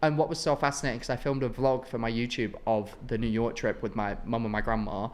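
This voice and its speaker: A young man from northern England co-hosting a podcast, chatting in an animated, jokey way. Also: mid-range voice, fast talker. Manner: animated, jokey, slips into exaggerated mock voices. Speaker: podcast co-host. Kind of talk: casual chat.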